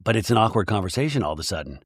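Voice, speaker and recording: Podcast host, male, bouncy and expressive pitch, dry close mic, sardonic recapper. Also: rapid-fire, breathy edge, no echo. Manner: wry, mocking, lively delivery. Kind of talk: comedic reality-TV recap.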